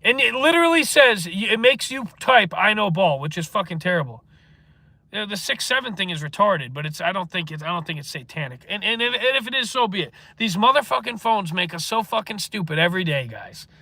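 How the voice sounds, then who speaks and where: Guy ranting on a livestream, swears a lot, bright higher voice, dry close sound. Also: lively intonation, brisk, vocal fry, dry recording. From northeastern United States. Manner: profane, rambling, answers chat comments. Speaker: livestream host. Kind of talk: casual livestream chat.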